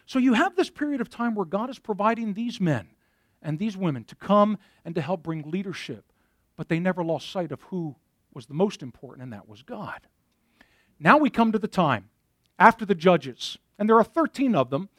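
A pastor delivers a sermon to his congregation, his lively voice swooping and pitched high for a man. He guides them through scripture and reads verses aloud. The recording is dry and close, with no room sound.

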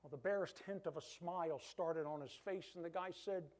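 A man preaching a sermon, retelling a story in lively quoted dialogue. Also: on the high side, normal speed.

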